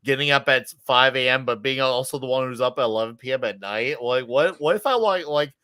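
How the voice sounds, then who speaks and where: A grown man, a father, guest on a casual chat show, telling rowdy stories with loud acted-out quotes. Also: medium pitch, fairly quick, clean tone, no echo, studio quality. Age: adult, a father.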